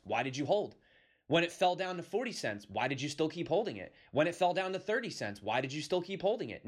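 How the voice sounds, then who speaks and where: A man's voice: high-pitched, fairly bright tone. A young man hosting a crypto video, ranting emphatically at viewers and punctuating his points with "okay?". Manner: emphatic, keeps asking "okay?". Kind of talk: heated rant to viewers.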